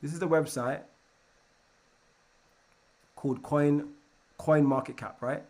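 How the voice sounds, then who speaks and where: Energetic man coaching a trading lesson. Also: fairly high pitch, slow pace. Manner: energetic, keeps checking in with "right?"; repeats and restarts words. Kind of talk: live online trading lesson.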